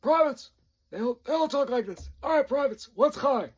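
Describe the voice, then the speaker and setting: A man putting on a loud, barking male army drill sergeant who yells at recruits. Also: very high-pitched, expressive, normal speed, pitched above the performer's own voice. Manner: yelling.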